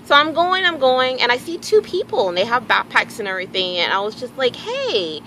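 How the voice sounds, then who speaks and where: A woman telling a personal story in a casual, animated way, acting out bits of dialogue and swearing freely. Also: on the high side, a little fast, a little hiss or hum, poor audio. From Houston area, Texas. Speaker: vlogger.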